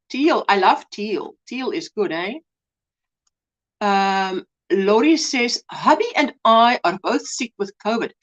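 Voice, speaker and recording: A South African woman hosts a crochet livestream, with a high voice that swings up and down a lot. She reads out viewer comments and greets people by name, calling them sweetheart and tagging sentences with "hey?". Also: dull audio. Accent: South African English. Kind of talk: casual live chat reading comments.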